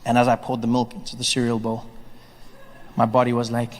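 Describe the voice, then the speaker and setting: A man performing a stand-up comedy set, animated and storytelling, acting out voices and building to shouts. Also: medium pitch, fairly quick. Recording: live stage with long reverb.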